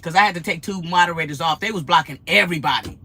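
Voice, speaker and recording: A woman, vlogging in an animated, chatty way and telling stories. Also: lowish voice, fast talker, husky. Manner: animated, laughs often, acts out quotes. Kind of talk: casual chatty storytelling.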